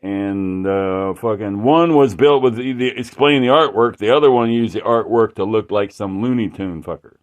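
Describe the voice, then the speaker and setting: A man with a somewhat low voice rambles through a casual monologue while showing off his artwork. He swears constantly and keeps breaking off and restarting his sentences. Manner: profane, rambling, halting restarts. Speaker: artist showing his work.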